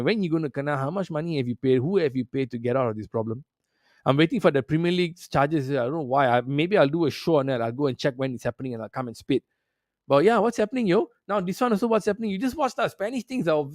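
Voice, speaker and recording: A man's voice: on the high side, no echo, clean studio sound. A man hosting a football talk show, ranting in a profane, sarcastic way. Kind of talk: heated casual commentary.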